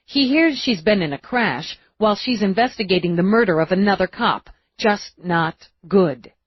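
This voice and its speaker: A woman reading an audiobook in a steady, measured way, in a dull, dry recording. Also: on the low side, slightly rough, dry recording. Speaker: audiobook narrator. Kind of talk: audiobook narration.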